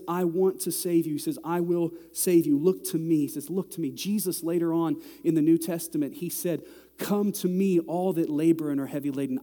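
A middle-aged man preaching a sermon to a congregation, talking in a conversational way that climbs to loud, exasperated peaks. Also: a little high. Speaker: pastor. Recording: long hall reverb.

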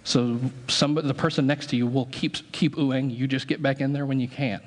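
In a church sanctuary, a pastor with a mid-range, steady voice speaks at a moderate pace. He jokes playfully with the congregation as he directs them through a group singing exercise during his sermon.

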